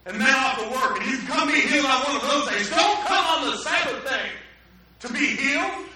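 A man's voice: very high voice, animated, brisk, pushed and bright, voice pushed up, full character voice. A man voicing an indignant male synagogue leader who scolds from the pulpit in a raised voice, recorded in an echoey hall from a distance. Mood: scolding.

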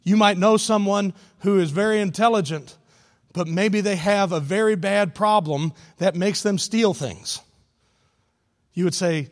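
A man preaching to his congregation in a sanctuary, pressing his points by repeating them. His voice sits high. A long reverb from the hall trails behind each line. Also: unhurried. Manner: emphatic preaching, repeats key phrases. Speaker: pastor. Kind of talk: sermon. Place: church sanctuary.

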